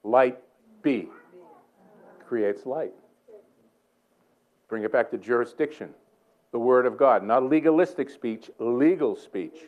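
An older man with a Boston accent, preaching a sermon in a church in a joking, conversational way with quick asides. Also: mid-range voice, darkish tone, muffled recording. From Boston area. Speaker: guest preacher. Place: church sanctuary.

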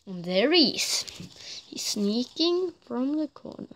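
A woman's voice: sits high, sing-song, slow pace, fairly bright tone, slight background noise. A woman giving casual commentary over a shooter game, frustrated, blurting short outbursts and apologizing for her swearing. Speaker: gameplay commentator.

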